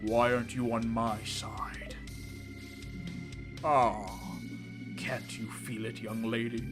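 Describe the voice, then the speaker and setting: A man voicing a calm, grandiose king villain who wants the world frozen, speaking slowly and solemnly, with game music behind. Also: mid-range voice, voice pushed down, close to an everyday voice. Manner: slow, solemn, drawn-out delivery.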